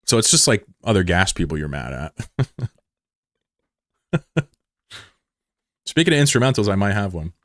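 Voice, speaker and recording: Deep-voiced man chatting with stream viewers. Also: sing-song, moderate pace, long pauses, no echo, studio quality. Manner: joking, profane, laid-back banter. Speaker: game streamer. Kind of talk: casual live-stream chat with viewers.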